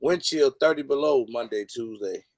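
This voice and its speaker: A man in a casual livestream chat, talking fast and animated as he gets ready to sign off. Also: mid-range voice, dry recording, rough recording. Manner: quick and animated, signing off.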